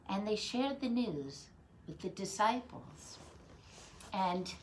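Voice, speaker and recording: A woman teaching children, telling a Bible story in an expressive way and asking the listeners questions as she goes. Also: medium pitch, slow pace, a little hiss or hum.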